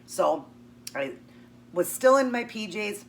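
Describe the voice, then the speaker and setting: A woman's voice: mid-range voice, animated, slow. A woman vlogger chattily telling a personal story while eating, acting out both sides of the conversation. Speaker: keto vlogger. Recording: distant mic with faint hum.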